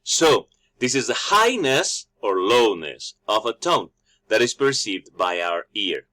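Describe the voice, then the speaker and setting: Man w mexican spanish accent teaching english online, bright voice, restarts words, keeps asking "right?" and "okay?". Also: fairly low pitch, sing-song, slow pace. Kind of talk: online lecture over slides.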